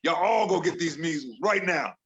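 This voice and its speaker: A middle-aged man from Chicago works through an exasperated stand-up set with a bright, forceful tone. His voice sits a touch high for a man, and he jumps into higher voices to mimic his family. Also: expressive, normal speed, lo-fi sound. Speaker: stand-up comedian. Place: comedy bar with audience.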